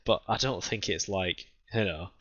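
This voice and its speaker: A man's voice: sits low, normal speed, a bit bright, highs cut off. A man co-hosting a casual podcast, blunt and opinionated, arguing about films and laughing often. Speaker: podcast co-host. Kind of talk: casual argumentative chat.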